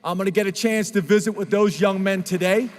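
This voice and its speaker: A man's voice: high-pitched, fairly even intonation, fairly quick, darkish tone, slight background noise. A middle-aged man speaking as head football coach at a press conference, earnest and emotional, choking up at times. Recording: long hall reverb.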